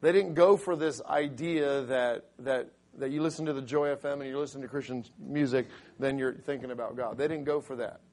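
This raspy-voiced, middle-aged pastor delivers a sermon at a fairly quick clip with hardly any pauses. His voice sits in the mid-range, and he turns loud and emphatic whenever he quotes scripture.

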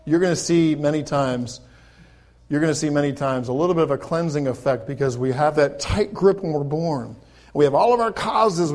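A male pastor preaching a sermon, reading scripture aloud and then explaining it in conversational asides. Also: a little high. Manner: rises to loud, slow, emphatic preaching when reading scripture; conversational asides between quoted verses.

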